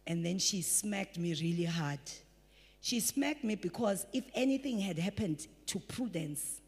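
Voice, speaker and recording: A woman pastor preaching a sermon, animated, slipping into quoted voices. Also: medium pitch. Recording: breathy voice in a large reverberant hall.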